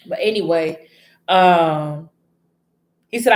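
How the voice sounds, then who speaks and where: A woman's voice: medium pitch, a little slow, a bit bright, reverberant. A woman casually retelling a story to camera in a chatty manner, breaking off now and then to scold someone nearby.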